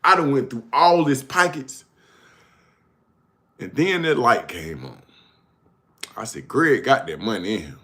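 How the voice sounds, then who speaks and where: A man's voice: medium pitch, animated, a little slow, pauses often, fairly bright tone. A man hosting his own show, telling stories casually, often laughing and calling the listener bro. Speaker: host. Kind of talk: casual storytelling.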